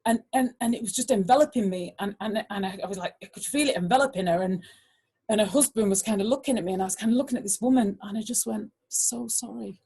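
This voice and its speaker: Husky woman telling a story. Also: mid-range voice, fast talker. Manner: animated, full of "like" fillers, acts out voices. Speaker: guest speaker. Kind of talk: personal storytelling talk.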